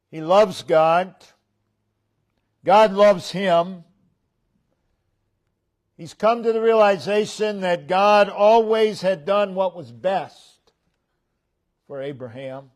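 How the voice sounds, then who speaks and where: In the church sanctuary, a male pastor preaches his sermon at a measured, unhurried pace. He lets phrase endings fall soft and low, then lifts his voice to stress key points.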